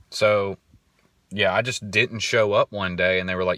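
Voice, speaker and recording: A man's voice: fairly low pitch, steady tone, unhurried, pauses often, bright, forceful tone, no room sound. A man in his twenties hosting a podcast, telling a rambling story in a casual monologue. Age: 20s. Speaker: podcast host.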